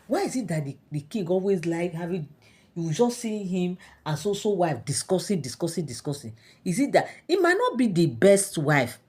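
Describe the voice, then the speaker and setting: A Nigerian woman chats through a gossip story for her followers, sprinkling in fillers and local asides. Her speaking voice sits on the lower side for a woman. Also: a little mellow, breathy edge. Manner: chatty, full of fillers and Yoruba asides. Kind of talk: casual gossip narration.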